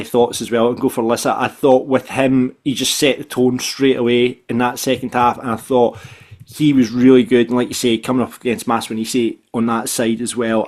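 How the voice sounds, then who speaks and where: A man with a Scottish accent hosting a football podcast, telling stories in a chatty, animated way and often tagging "right?" onto his sentences. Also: medium pitch. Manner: animated storyteller, repeats "right?". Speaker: podcast host. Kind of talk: casual football podcast chat.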